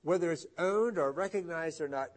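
Pastor with sweeping emphatic rises. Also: male voice, moderate pace. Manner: conversational, with emphatic rises and soft, low drops. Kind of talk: sermon.

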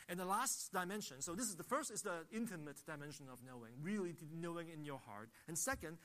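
A man's voice: on the high side, bright, forceful tone. A man preaching a sermon, emphatic, asking rhetorical questions and repeating phrases as he builds his points. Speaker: pastor.

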